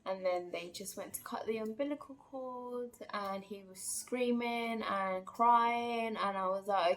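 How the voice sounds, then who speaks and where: A woman's voice: medium pitch, steady tone, measured pace, vocal fry, a little hiss or hum. A woman telling a personal story in a casual, chatty vlog, full of fillers and acted-out quotes. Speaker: vlogger.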